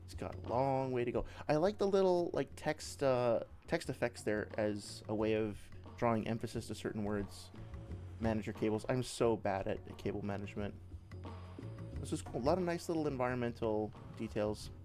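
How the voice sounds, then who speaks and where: A man's voice: medium pitch, normal speed. A man playing a game while chatting, rambling and swearing freely, with faint game music behind him. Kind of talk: casual let's-play commentary.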